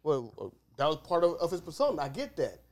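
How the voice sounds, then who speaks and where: A man with a high, lively voice co-hosts a casual podcast among friends. He argues his point insistently and swears a lot, swinging his pitch up and down as he presses on. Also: fast. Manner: insistent, argumentative, heavy swearing. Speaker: podcast co-host.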